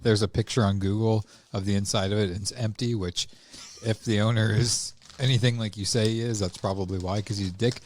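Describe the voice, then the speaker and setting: A low-voiced man chimes in on a podcast with dry, teasing asides. He speaks plainly and offhand. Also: fairly even intonation, brisk, a little mellow, a little hiss or hum. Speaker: podcast co-host. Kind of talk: casual chat.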